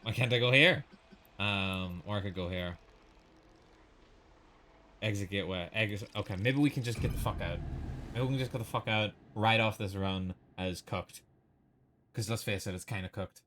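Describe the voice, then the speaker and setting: A man's voice: lowish voice, normal speed, pauses often, pushed and bright. A young man streaming a game, rambling and swearing as he rants in casual commentary. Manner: exasperated, swears a lot, rambling. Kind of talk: casual gameplay commentary and ranting.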